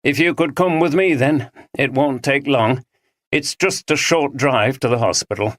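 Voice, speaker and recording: A narrator voicing a calm, polite police detective speaking in a measured, sympathetic way. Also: medium pitch, dry recording, voice pushed up, natural voice. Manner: measured, courteous.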